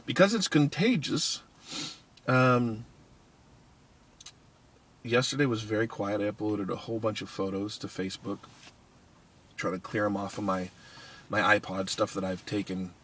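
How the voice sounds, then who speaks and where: A man's voice: on the low side, unhurried, pauses often, a bit bright. A tired man chatting casually in a morning vlog, rambling with many ums and restarts and yawning often. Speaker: vlogger. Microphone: iPod Touch camera.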